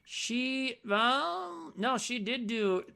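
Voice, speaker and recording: A man's voice: very high-pitched, lively intonation, very slow, creaky, bright, forceful tone. A man co-hosting a casual movie-review podcast, swearing freely and laughing often. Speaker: podcast co-host.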